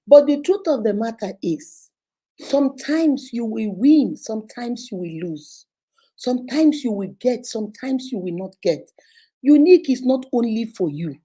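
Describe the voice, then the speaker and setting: A Nigerian woman with a high, mellow voice hosts a relaxed advice chat. She talks with lively energy, breaks into laughter often and acts out phone conversations. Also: husky. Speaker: host of an advice session. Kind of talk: casual live advice chat.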